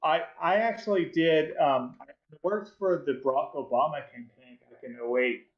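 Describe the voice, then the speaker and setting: A man's voice: on the high side, normal speed. A man from the United States hosting a casual chat, hesitant and stammering, full of fillers. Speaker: host. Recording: roomy, dull lo-fi mic.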